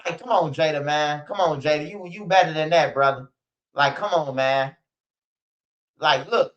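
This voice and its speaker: A man's voice: on the high side, fairly quick, fairly bright tone, lo-fi sound. A man ranting bluntly in casual street slang, repeating himself and swearing often. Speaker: streamer.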